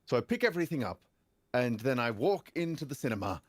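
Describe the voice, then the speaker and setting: A young man tells a comic story on a casual podcast panel. He swears often, and his voice swings widely in pitch and loudness. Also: fast talker, no echo. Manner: animated, profane, big swings in pitch and volume. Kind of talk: comedic storytelling in casual chat.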